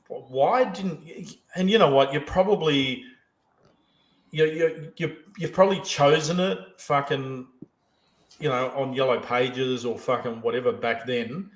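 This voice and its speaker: Guy hosting a podcast, swears constantly, rambles and restarts, normal pitch, echoey room. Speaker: podcast host. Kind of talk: casual podcast chat. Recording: roomy echo.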